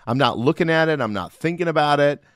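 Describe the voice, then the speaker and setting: Fast and expressive, this fairly high male voice belongs to a middle-aged host of a solo Christian devotional podcast. The studio-quality sound is echo-free, and he talks earnestly and conversationally while regularly checking in with listeners.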